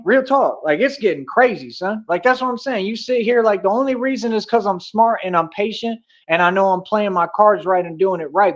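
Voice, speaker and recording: A man's voice: high-pitched, lo-fi sound. A young man ranting on a livestream, boastful and confrontational, heavy with street slang. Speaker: livestream host.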